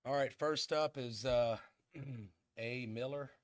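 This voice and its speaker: A man's voice: medium pitch, takes it slowly, dry recording, studio quality. A man chairing a commission meeting, calling public commenters in a procedural, matter-of-fact way.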